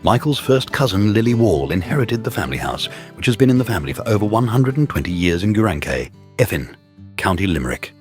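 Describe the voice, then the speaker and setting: A man's voice: on the low side, big pitch swings, fast talker, soft background music. A man giving a scripted narration, steadily reading out names and places.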